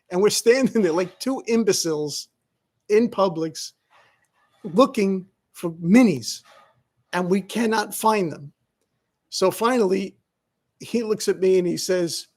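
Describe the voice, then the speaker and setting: A middle-aged man chats casually in his own vlog, rambling and laughing at himself. His voice sits high for a man and has a husky, gravelly edge. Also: animated, a little slow, long pauses, a little mellow. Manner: rambling, self-mocking, laughing often. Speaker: vlogger.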